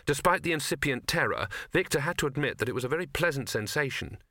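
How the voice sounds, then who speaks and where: A man narrating an audiobook in a measured storytelling manner. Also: medium pitch, expressive, sharp tone, no room sound, clean studio sound. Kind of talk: scripted narration.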